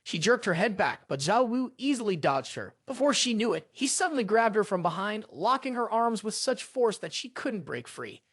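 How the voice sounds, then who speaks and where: A narrator reading a scripted story recap in a brisk, expressive way. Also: medium pitch, dry recording, clean studio sound.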